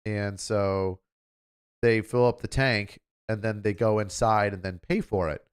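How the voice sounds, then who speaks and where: Smooth-voiced rambling male streamer. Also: fairly low pitch, steady tone, unhurried. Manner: rambling, offhand, with fillers. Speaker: livestream host. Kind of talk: casual livestream chat.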